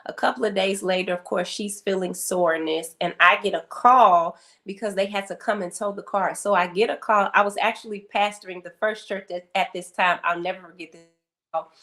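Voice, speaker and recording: A woman's voice: mid-range voice, a little fast. A middle-aged woman, a guest speaker on grief, telling a story and acting out the people in it. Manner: animated storyteller acting out quotes. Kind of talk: storytelling interview talk.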